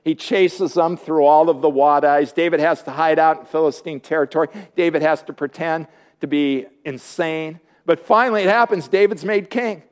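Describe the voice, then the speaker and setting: A man's voice: fairly high pitch, fairly even intonation, normal speed. A man preaching a sermon, retelling a Bible story playfully and joking with his congregation.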